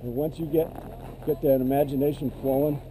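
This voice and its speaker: A man's voice: mid-range voice, little pitch movement, brisk, noisy background. Man demonstrating ski drills outdoors. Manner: explains while walking through cones. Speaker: ski instructor. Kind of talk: demonstrating drills to fellow instructors.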